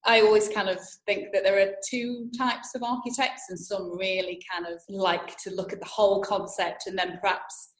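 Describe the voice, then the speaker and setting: A woman's voice: mid-range voice, steady tone, moderate pace. Woman host in an echoey room. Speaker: podcast host. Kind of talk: interview questions.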